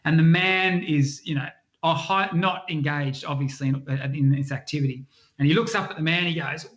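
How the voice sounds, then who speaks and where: Animated man giving a health talk. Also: fairly high pitch, moderate pace. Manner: animated storyteller, acts out quoted voices. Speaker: health speaker. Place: church health event.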